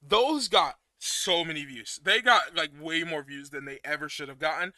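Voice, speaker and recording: A young man streaming a retro game, chatting casually with his viewers, excitable and prone to repeating himself when nervous. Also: fairly high pitch, moderate pace, no room sound. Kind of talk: casual live-stream chat.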